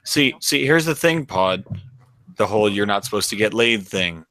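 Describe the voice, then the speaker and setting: A man with a lowish voice and a bright, forceful tone tells crude stories on a casual podcast, swearing as he goes. The sound is dry and close to the mic. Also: expressive, moderate pace, no room sound. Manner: crude storytelling, swears freely. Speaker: podcast co-host. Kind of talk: casual chat.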